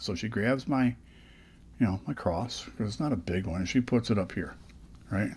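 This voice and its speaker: A man's voice: lowish voice, normal speed, darkish tone, husky. Chatty older man rambling into a mic. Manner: rambling, chatty, frequent restarts. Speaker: podcast host. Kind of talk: casual vlog storytelling. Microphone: dynamic studio microphone.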